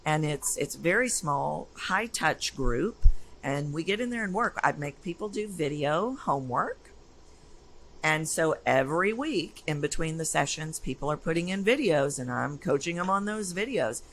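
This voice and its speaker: Energetic woman voice coach. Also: sits low, normal speed, slight background noise, rough recording. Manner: energetic, emphatic, animated storytelling. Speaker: voice coach guest. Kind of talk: casual interview talk.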